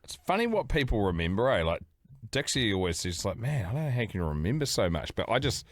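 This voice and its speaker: A man's voice: fairly low pitch, very animated, fast, no echo, clean studio sound. A man co-hosting a podcast, chatting in a laid-back, sweary way. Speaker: podcast co-host. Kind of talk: casual chat.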